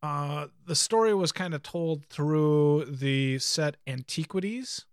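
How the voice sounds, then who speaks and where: A man co-hosting a podcast, chatting casually and thinking aloud with many pauses and ums. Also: a little high, clear, resonant tone, dry recording, studio quality. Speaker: podcast co-host. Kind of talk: casual chat about card games.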